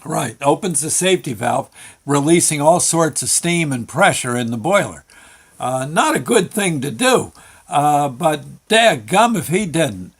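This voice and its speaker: A man with a slightly high voice tells a rambling story. He is folksy and halting, piling on fillers and restarting his sentences as he goes. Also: big pitch swings, breathy edge. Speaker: show host telling a work story.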